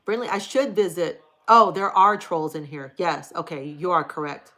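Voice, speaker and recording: Middle-aged woman, livestream host, low-ish voice, blunt, casual and profane. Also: steady tone, normal speed, a bit bright. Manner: frank and profane, chatty. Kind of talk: casual live chat reading viewer comments.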